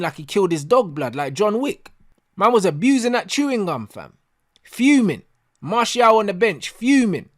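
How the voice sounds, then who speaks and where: A man ranting in a post-match football reaction video, heavy on slang and repeating himself for emphasis. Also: high-pitched. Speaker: football fan channel host.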